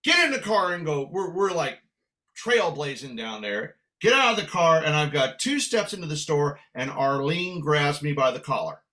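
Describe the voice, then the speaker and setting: A man from San Francisco, a guest musician telling a long story in a lively, animated way. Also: a little high, moderate pace. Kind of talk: casual storytelling.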